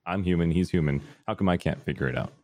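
Young man, strikingly low voice, casual candid storyteller, loose and rambling delivery. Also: fast, darkish tone, slight background noise. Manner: rambling and candid, many fillers and restarts.

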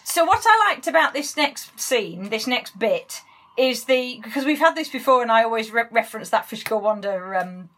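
A woman's voice: fairly high pitch, very animated, moderate pace, fairly bright tone. A woman co-hosting a podcast, chatting bluntly and laughing often. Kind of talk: casual chat.

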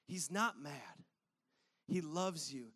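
A male pastor with a fairly high voice preaches a sermon. He tells a personal story and acts out the voices in it, laughing often. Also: expressive, slow, fairly bright tone.

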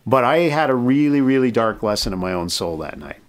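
Lively middle-aged man telling a story. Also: medium pitch, fairly quick. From United States. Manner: animated storyteller acting out dialogue. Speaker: mission president, guest. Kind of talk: storytelling in a podcast interview.

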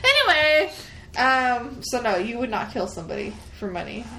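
A woman co-hosting a podcast in casual chat, animated and giggly, swearing casually. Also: a little high, moderate pace, slight background noise. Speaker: podcast co-host.

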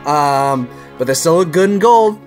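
A young man casually recapping a film on a podcast, animated and laughing as he tells the story. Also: a little high, unhurried, soft background music.

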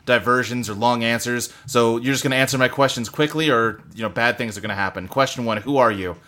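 A man's voice: medium pitch, quick pace, bright, forceful tone, lightly acted. A man voicing a cold, threatening woman who questions a captive in a library, speaking curtly and menacingly. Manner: terse, curt, menacing.

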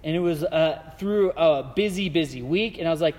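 A man's voice: a little high, moderate pace, hardly any pauses, darkish tone. Male pastor, conversational sermon, lots of fillers, reverberant hall. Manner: conversational storytelling with many fillers.

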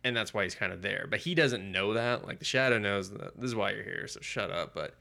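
Brisk and expressive, this man's voice sits on the low side, with vocal fry and a sharp tone. In a casual comics-review podcast he co-hosts, he retells a comic's plot rambling, swearing and using many filler words.

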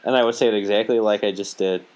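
A man's voice: on the low side, fairly even intonation, fast talker, background noise. A young man hosting a podcast, joking around crudely and swearing freely. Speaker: podcast host. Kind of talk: casual podcast banter.

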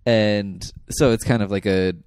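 A man's voice: on the low side, steady tone, unhurried, darkish tone, smooth, no room sound, studio quality. A man co-hosting a podcast, chatting casually in a playful, jokey way. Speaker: podcast co-host. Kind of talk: casual chat.

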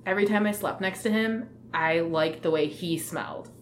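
A woman's voice: on the low side, normal speed, slight background noise. A woman talking candidly in a casual podcast chat, giggling and trailing off into mumbles. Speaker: guest.

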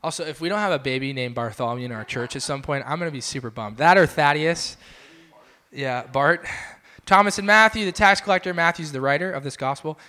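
A young man gives a casual, conversational sermon in a small church. His voice sits a little high and sounds bright and forceful. He talks in a chatty, animated way and acts out the people in his stories. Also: fairly quick. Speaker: pastor. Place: small church building, indoors.

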